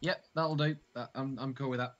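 A man playing in a tabletop game who answers in short, low-key replies. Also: steady tone, fairly quick, fairly bright tone, muffled recording. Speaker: player.

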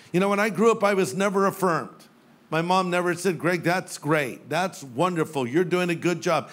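Older man preaching with playful humor. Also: sits high. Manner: humorous storytelling with playful quoted voices. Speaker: pastor. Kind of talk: sermon. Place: church sanctuary with live audience.

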